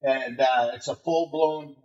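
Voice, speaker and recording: A man with a medium-pitched voice speaks at a measured pace as an interview guest, telling brash stories thick with swearing. Animated, he mimics the voices of people he met, and the remote call comes through muffled, roomy and distant.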